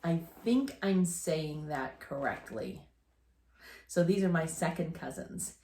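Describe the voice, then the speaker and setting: A woman's voice: low-pitched, slow, darkish tone, slight background noise. A woman in her fifties, co-hosting a casual chat, telling rambling family stories with restarts and laughter. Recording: echoey room.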